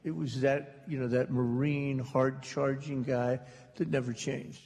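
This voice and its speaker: A man's voice: medium pitch, steady tone, unhurried, vocal fry, darkish tone. A man from the United States telling wry, humorous stories about his family to a live audience and acting out the quotes, in an archival recording from a large hall. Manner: wry, dry storyteller, acts out quotes. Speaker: author telling stories on stage.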